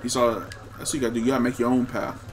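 A young man casually commenting on his own gameplay, excitable and trash-talking the other players. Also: medium pitch, racing, slight background noise. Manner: excitable, talks to himself and chat, trash-talks players. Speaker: gaming streamer.

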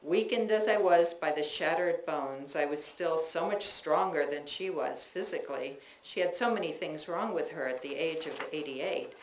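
A woman writer reading her memoir aloud at a live bookstore event, wry and expressive, laughing through the funny parts. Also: low-pitched, normal speed, few pauses. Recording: roomy bookstore with faint noise.

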